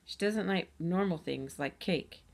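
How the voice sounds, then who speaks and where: A woman's voice: lowish voice, unhurried, creaky. A woman voicing a cheerful, playful young American girl in a read-aloud storybook, eager and joking.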